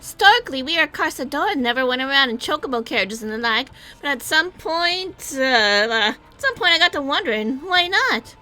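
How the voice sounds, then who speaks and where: A woman's voice: high-pitched, expressive, moderate pace, hardly any pauses, sharp tone, voice pushed up. A woman voicing a boisterous male cart-driving gang member in a game read-along, with folksy, drawling tough-guy talk. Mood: cheerful. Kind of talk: reading game dialogue aloud.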